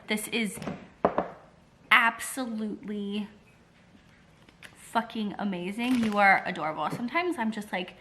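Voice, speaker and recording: Bubbly bright-voiced woman vlogger. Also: mid-range voice, a little slow, long pauses, a little hiss or hum. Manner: chatty and excitable, many "like" fillers, casual swearing. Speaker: book vlogger. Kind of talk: casual vlog chat.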